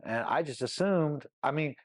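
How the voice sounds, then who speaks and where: A man's voice: on the high side, animated, normal speed, no echo. A middle-aged man speaking as an interview guest, telling his story candidly and rambling with lots of "you know what I mean" asides.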